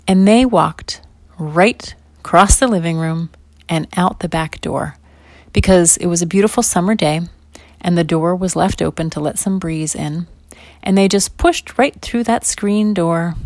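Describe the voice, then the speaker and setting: A woman telling a children's bedtime story in a lowish voice. She swings from loud, eager emphasis into soft whispers. The sound is dry and close. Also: unhurried, creaky, no room sound.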